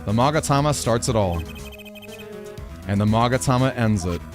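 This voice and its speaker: A man doing a low, dry young lawyer. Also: moderate pace, over music, close to an everyday voice. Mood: probing. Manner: low, flat and insistent questioning. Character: young male defense attorney, probing and dry.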